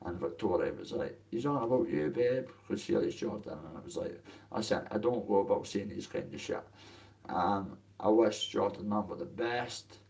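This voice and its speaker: A man's voice: low-pitched, normal speed, darkish tone, far from the mic, low-quality recording. A young Scottish man talking to viewers in a rambling, emotional livestream chat, swearing freely. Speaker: streamer addressing viewers.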